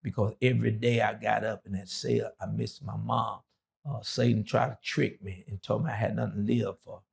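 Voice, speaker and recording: Gravelly-voiced man telling a prison story. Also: on the low side, little pitch movement, moderate pace. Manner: loose, rambling delivery with many fillers. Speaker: interview guest, former prisoner. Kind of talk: emotional storytelling in an interview.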